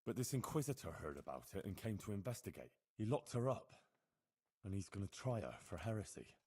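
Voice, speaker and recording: An actor voicing a young, dutiful medieval hero who speaks earnestly and plainly in a video game. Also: male voice, fairly low pitch, big pitch swings, a little fast, darkish tone, slightly rough.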